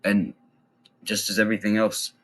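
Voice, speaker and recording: A young man giving casual voice tips in a relaxed, rambling way with lots of fillers. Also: lowish voice, normal speed, poor audio. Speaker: voice tips vlogger. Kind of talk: casual instructional talk.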